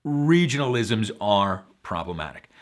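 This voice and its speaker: A man's voice: fairly low pitch, big pitch swings, a little slow. A man from Long Island with a faint New York accent, hosting a show and giving frank, casual advice full of fillers. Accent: slight Long Island New York. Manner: frank, conversational, many fillers. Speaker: voiceover show host.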